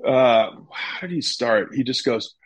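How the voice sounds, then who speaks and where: A man's voice: medium pitch, measured pace, dry recording, low-quality recording. A former goalkeeper, telling stories casually in an interview and acting out his coaches. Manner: animated storyteller, acts out coaches in raised voice.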